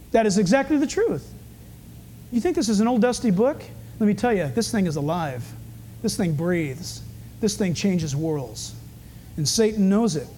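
A male pastor preaching a sermon, animated and humorous, swinging from fast urgent bursts to low hushed asides. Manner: humorous, storytelling.

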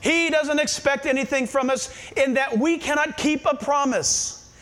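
Man preaching, very high voice, middle-aged, rhetorical questions. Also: fairly even intonation, normal speed, a bit bright. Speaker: pastor. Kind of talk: sermon.

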